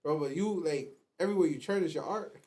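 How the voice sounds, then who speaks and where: A man's voice: on the high side, quick pace, darkish tone. Easygoing male host, slangy. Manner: easygoing, admiring, slang-filled. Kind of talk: casual conversation.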